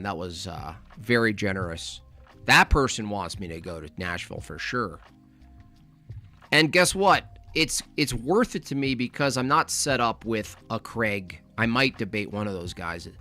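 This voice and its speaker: A man hosting a casual livestream, reading out donations and making animated, teasing, mock-scolding asides. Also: mid-range voice.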